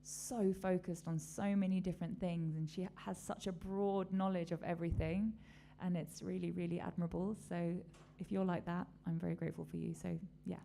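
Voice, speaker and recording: A woman hosts a relaxed live-stream chat in a low, mellow voice with a gravelly edge. She talks in a loose, rambling way, full of fillers, as she reads messages and asks her guests questions. A faint hum sits under her voice. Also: moderate pace, hardly any pauses. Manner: rambling, chatty, many fillers and little laughs. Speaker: host.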